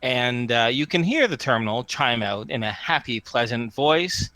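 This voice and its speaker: Animated man running a tabletop game, bright voice, dry close mic. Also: mid-range voice, moderate pace, hardly any pauses, dry recording. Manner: rambling, with fillers and restarts. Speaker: game master.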